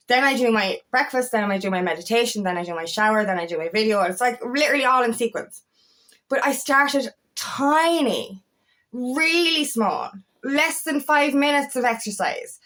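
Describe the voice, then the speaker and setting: A woman's voice: fairly high pitch, fairly bright tone. A woman empowerment coach talking casually to camera, chatty and rambling, with frequent restarts and fillers. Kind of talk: casual motivational monologue.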